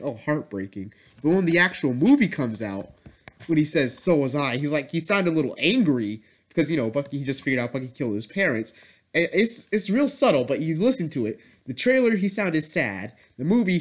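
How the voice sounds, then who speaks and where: A man with a fairly high-pitched voice rambles through an informal review of a superhero movie. He swings between loud, excited outbursts and quiet, muttered asides.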